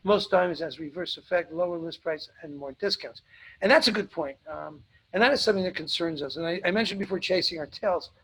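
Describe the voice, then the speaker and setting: Blunt, husky-voiced man answering questions. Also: a little high, brisk, a bit bright, poor audio. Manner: blunt, emphatic, repeats points for stress. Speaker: webinar host answering audience questions. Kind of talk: live webinar Q&A.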